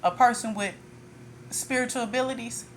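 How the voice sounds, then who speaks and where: A woman's voice: a little high, fairly even intonation, normal speed, slight background noise. A woman tarot reader ranting in a casual monologue, blunt and profane, with frequent laughter.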